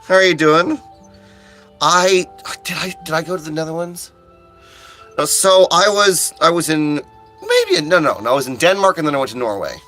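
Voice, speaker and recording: Excitable, bright-voiced man streaming. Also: on the high side, moderate pace, long pauses. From United States. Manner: chatty and excitable, answering chat with loud exclamations, frequent restarts. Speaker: audiobook narrator live-streaming. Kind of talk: casual livestream chat with viewers. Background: faint chill music he put on.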